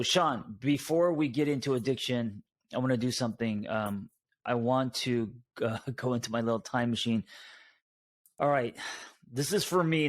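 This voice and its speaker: A man's voice: medium pitch, no echo. A man hosting a podcast as a therapist, talking casually with many fillers and restarts. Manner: relaxed, hesitant with many fillers. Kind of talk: casual conversational interview.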